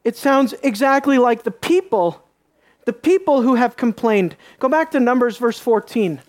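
A preacher giving a sermon, reading scripture aloud and asking the congregation questions, dropping into soft low asides and rising into sharp emphasis. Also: lively intonation, normal speed. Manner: reads scripture aloud and asks the listeners questions.

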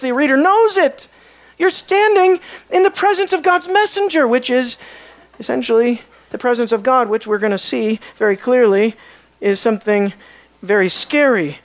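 A Bible teacher giving an expository lecture, often pausing to put questions to the students. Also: high voice, lively intonation. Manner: questioning, emphatic, pauses to ask the class.

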